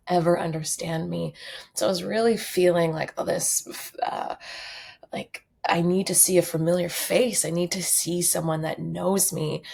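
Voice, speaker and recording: A woman's voice: lowish voice, little pitch movement, moderate pace, creaky, a little mellow, slightly rough. A young woman from Canada hosting a solo podcast, talking candidly and reflectively with frequent fillers. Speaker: podcast host.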